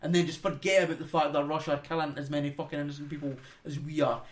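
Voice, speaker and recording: A young Scottish man with a high voice talks in a casual podcast chat. He rants and swears heavily, slipping into mocking voices as he goes. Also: flat delivery, very fast. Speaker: podcast co-host. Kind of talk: profane casual chat, ranting.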